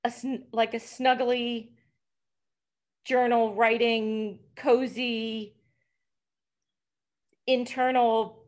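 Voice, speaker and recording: A woman's voice: fairly high pitch, little pitch movement, extremely slow, long pauses. A woman in casual conversation, rambling animatedly and acting out inner voices as she explains a feeling. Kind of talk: casual spiritual chat.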